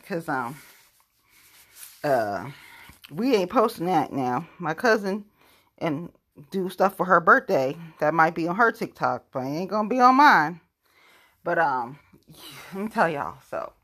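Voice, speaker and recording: A woman hosting a casual home podcast, with a husky voice. Her pitch swings widely as she talks. She is blunt and loosely rambling. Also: a bit bright. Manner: blunt and heavily profane. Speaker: podcast host. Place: at home, standing on a balance board.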